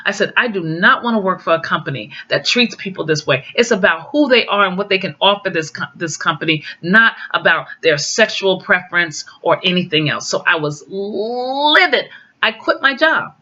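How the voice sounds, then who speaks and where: A middle-aged woman tells her own stories in a lively, animated way, jumping up in pitch whenever she acts out what people said. Her voice is bright and forceful. The recording sounds a bit dull and lo-fi. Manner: animated, acts out quoted dialogue with pitch jumps. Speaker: guest sharing personal stories. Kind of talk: casual storytelling.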